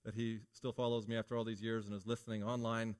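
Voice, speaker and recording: A middle-aged man preaching a sermon in a relaxed, conversational way, telling stories and asking rhetorical questions. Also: lowish voice, fast, clean tone.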